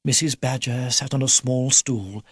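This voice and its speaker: A man's voice: medium pitch, steady tone, moderate pace, husky, dry recording, studio quality. A man narrating a children's audiobook, reading in a dramatic, storytelling manner. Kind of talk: scripted narration.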